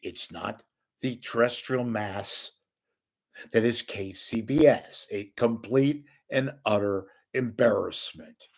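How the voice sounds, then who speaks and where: A man's voice: lowish voice, slow, vocal fry. An older man giving a sarcastic, scornful solo rant as a media commentator, swearing freely.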